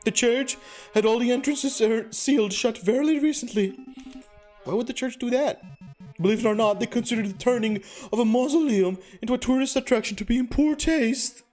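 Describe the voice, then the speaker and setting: A man's voice: extremely high pitch, normal speed, darkish tone, soft background music, voice pushed up. A man voicing a haughty, condescending male bird librarian who talks down in a mock-French manner. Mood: lecturing. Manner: pompous, scornful, mock-French.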